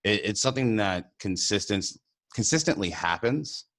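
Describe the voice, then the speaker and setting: A man, an immigrant, co-hosting a podcast and telling a personal story in casual conversation, animated and often laughing. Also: on the low side, normal speed. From immigrant to the country. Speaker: podcast co-host.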